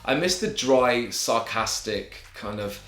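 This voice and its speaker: This young Englishman, a YouTuber, has a medium-pitched, slightly bright voice with lively intonation, and he speaks slowly. In an advice vlog he answers viewer questions earnestly and encouragingly, using friendly slang. The room sounds echoey, with a music bed underneath.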